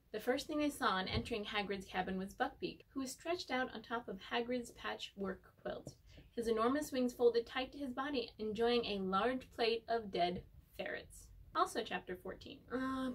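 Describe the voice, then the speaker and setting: A woman's voice: a little high, distant mic, rough recording. A young woman reading book passages aloud at home, breaking off for playful, chatty asides. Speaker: pet vlogger reading aloud. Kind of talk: casual chat and book reading. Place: home room with pets.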